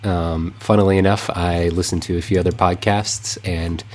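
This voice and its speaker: A man co-hosting a podcast in casual chat, a little congested from a lingering cold, relaxed and rambling with frequent laughs. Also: sits low, normal speed. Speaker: podcast co-host.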